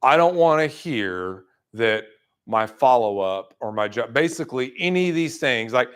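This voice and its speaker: Fired-up guy coaching a sales crew, blunt, mid-range voice, mocks excuses in quick asides. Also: mid-range voice, animated, a bit bright, clear, resonant tone. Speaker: roofing sales trainer. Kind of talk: motivational talk to a room. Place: room with an audience.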